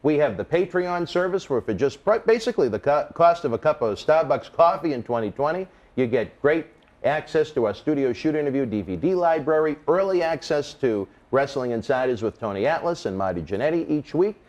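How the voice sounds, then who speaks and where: A man's voice: brisk, highs cut off. A man hosting a wrestling interview, reading promos and chatting casually. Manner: upbeat promo delivery, lively pitch. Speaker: interview host.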